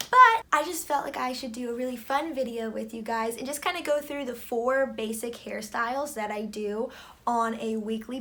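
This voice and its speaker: A young woman chatting casually through a hair tutorial, her voice a bit tired and hoarse, filling her talk with lots of "like". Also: fairly high pitch, sharp tone. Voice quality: chatty, many "like"s. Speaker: beauty vlogger.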